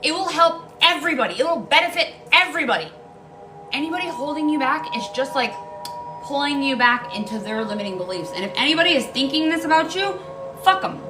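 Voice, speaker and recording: A woman's voice: sits high, animated, fairly quick, background noise. A woman giving a casual tarot reading, blunt and emphatic, swearing freely and repeating key lines for emphasis. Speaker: tarot card reader.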